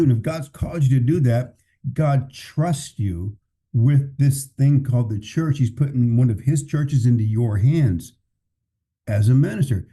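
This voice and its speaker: A pastor talks frankly and plainly, stopping and restarting his thoughts as he goes. His voice is very dark and mellow, sitting at an ordinary pitch for a man. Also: measured pace. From California. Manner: candid and plainspoken, with many restarts. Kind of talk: casual podcast conversation.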